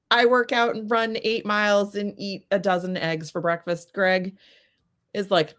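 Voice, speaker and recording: A woman guest telling a story in casual chat, animated and acting out the voices of people in it. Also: medium pitch, moderate pace. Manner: animated, acts out quoted voices. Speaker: podcast guest.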